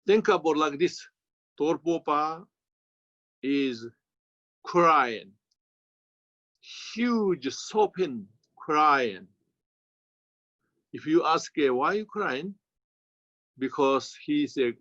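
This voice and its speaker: A man with a Tibetan accent, a Buddhist teacher giving a slow, halting dharma commentary in non-native English. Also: fairly high pitch, expressive, fairly bright tone, no room sound. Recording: dull, lo-fi sound.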